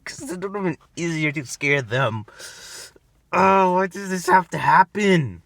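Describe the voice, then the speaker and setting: A man's voice: high-pitched, lively intonation, a little slow, gravelly, a bit bright, no echo. Impatient man grumbling in a parked car. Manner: impatient, grumbling, calls out to passersby. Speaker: prankster vlogger. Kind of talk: muttering to himself while waiting to prank.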